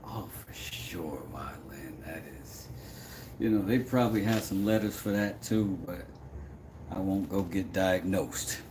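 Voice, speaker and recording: A man's voice: sits low, a little slow, roomy sound, noisy background. A man, chatting casually with viewers on a livestream, reading their comments aloud and often trailing off into mumbles. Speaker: livestream host making mallets.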